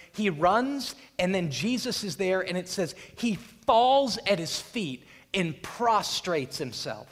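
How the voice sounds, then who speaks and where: Dramatic high-voiced preacher in a hall. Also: male voice, expressive, a little slow, few pauses, a bit bright. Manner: dramatic, retells the scene and acts out voices. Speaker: pastor. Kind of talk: sermon. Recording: long hall reverb.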